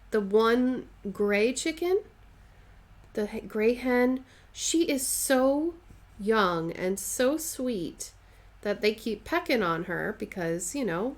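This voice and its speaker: A woman chatting casually on a live stream while she stitches, answering viewers' comments and playfully dramatizing her stories. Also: fairly high pitch.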